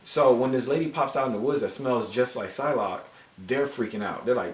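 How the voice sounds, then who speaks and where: A man's voice: medium pitch, fairly quick, recorded from a distance. Joking, cursing man in an echoey room. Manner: animated, joking, profane. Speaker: comic book reviewer. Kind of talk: casual video review. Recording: roomy echo, voice off-mic.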